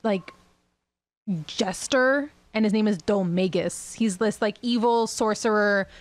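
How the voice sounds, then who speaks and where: A woman's voice: mid-range voice, measured pace, dry recording. A woman co-hosting a podcast, chatting casually and rambling with lots of fillers and laughs. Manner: rambling, giggly, lots of likes and ums. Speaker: podcast co-host. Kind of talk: casual chat.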